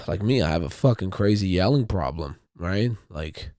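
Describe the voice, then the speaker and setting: Man, podcast host, casual solo rant, profane, low-pitched, dry sound. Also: animated, moderate pace, darkish tone, no echo. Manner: rambling, profane, repeats himself.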